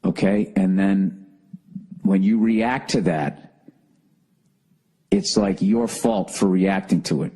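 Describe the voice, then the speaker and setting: Husky-voiced man ranting profanely. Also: deep voice, slow, pauses often, mellow, rough recording. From United States. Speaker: podcast host. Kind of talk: solo comedic rant.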